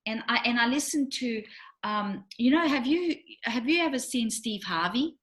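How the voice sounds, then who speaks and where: A woman's voice: fairly high pitch, normal speed. A middle-aged woman, a relationship coach, chatting casually and acting out the people in her stories. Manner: animated storyteller, acts out quotes. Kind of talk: casual chat.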